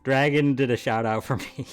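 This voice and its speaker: A man's voice: mid-range voice, steady tone, moderate pace, clean tone. An easygoing male streamer chats with his co-player while getting the game going. His voice sits in a plain middle range, with faint game music behind him. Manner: easygoing, chatty. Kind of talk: let's play banter.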